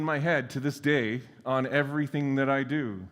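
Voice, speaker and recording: A man's voice: mid-range voice, fairly even intonation, measured pace. A man giving a conference keynote in a casual, self-deprecating way, with lots of fillers and blunt swearing. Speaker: keynote speaker. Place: large conference hall. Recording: long reverb of a large hall.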